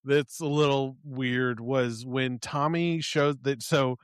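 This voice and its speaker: A man co-hosting a casual podcast, relaxed and laughing as he walks through scenes. His voice is mid-pitched and plain. The recording is dry and close. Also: takes it slowly, clean tone, no room sound. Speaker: podcast co-host. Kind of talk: casual chat.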